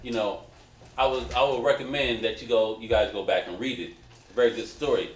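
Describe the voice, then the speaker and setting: A man's voice: medium pitch, brisk. A man leading a Bible study class, explaining a passage in a casual, conversational way and calling on others to read. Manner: conversational, directs readers, restarts often. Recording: roomy echo.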